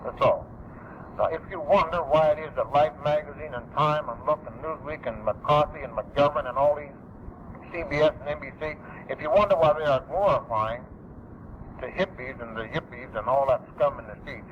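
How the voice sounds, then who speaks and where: A man's voice: medium pitch, moderate pace. Emphatic man on dull old tape. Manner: emphatic, hammering repetition of key phrases. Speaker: public speaker. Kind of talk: public speech. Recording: dull lo-fi archival tape with faint noise.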